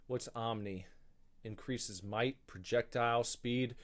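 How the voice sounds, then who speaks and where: A gaming streamer gives casual, rambling commentary, thinking aloud and grumbling as he plays. He speaks slowly in a steady, mid-range voice.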